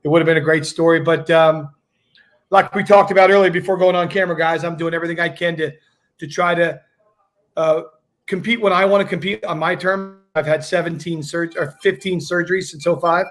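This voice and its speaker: High-voiced man rambling on a video call. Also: steady tone, fairly quick, a bit bright. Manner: rambling, many fillers and restarts. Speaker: guest bowler. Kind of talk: casual chat.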